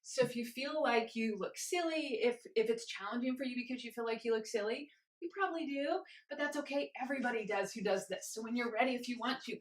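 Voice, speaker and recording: A young woman leading a guided movement class, encouraging and gentle, a little out of breath as she moves. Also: a little high. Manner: encouraging, gentle, invites choices. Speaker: movement instructor. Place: home room with carpet.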